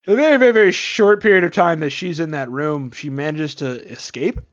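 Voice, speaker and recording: A man's voice: a little high, a little fast. Man recapping a movie with dull lo-fi sound. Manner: rambling, profane, joking, acts out characters. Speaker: podcast co-host.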